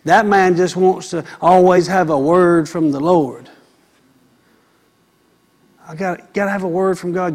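A preacher with a notably high voice delivers his sermon. He swings from quiet asides to loud, fiery exhortation. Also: fairly even intonation, unhurried, pauses often. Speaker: pastor.

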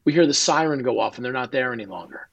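A man's voice: mid-range voice, lively intonation, quick pace, vocal fry, fairly bright tone, breathy edge, lo-fi sound. A man, a guest and author, telling an emotional personal story in an interview and acting out quoted dialogue.

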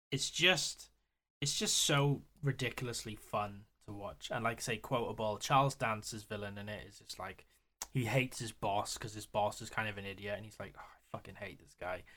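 A man co-hosting a podcast, excitably retelling film scenes with lots of swearing and laughter. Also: on the low side, normal speed. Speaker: podcast co-host. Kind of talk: casual chat.

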